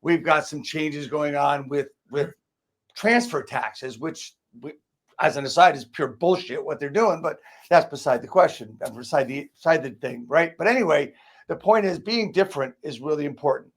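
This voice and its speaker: A man's voice: fairly high pitch, normal speed. A man hosting a casual podcast, asking blunt conversational questions. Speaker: podcast host.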